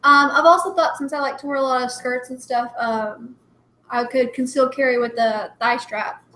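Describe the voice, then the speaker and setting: Brief: high, bright young woman, giggly rambling chat host, echoey room. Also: fairly even intonation, normal speed. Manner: giggly, rambling, full of "like" fillers. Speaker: livestream co-host. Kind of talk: casual chat. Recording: roomy echo.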